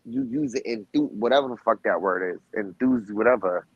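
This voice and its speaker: A fairly low, slightly rough male voice with a Boston accent comes through at normal speed on dull audio with no echo. He's from the Boston area, a guest and former reality show cast member, rambling loosely with heavy swearing and many restarts.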